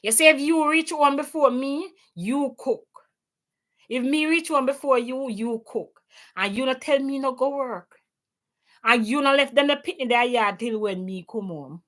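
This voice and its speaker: A woman's voice: high voice, measured pace, fairly bright tone. A Jamaican woman living in Canada, hosting a casual opinion chat and mixing patois into her English with plenty of emphasis. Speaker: livestream host. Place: home in Canada.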